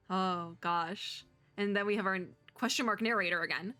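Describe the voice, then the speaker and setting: A young woman streamer giving chatty, giggly commentary while playing a game and reading its story aloud, breaking into excited squeals. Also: mid-range voice, moderate pace, soft background music. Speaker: VTuber streamer.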